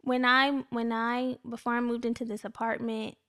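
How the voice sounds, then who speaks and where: A woman's voice: a little high, flat delivery, normal speed, sharp tone, smooth, no echo, clean studio sound. A young woman co-hosting a casual spiritual self-help chat, who speaks earnestly and chattily. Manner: earnest, faith-minded, chatty with restarts. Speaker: podcast co-host.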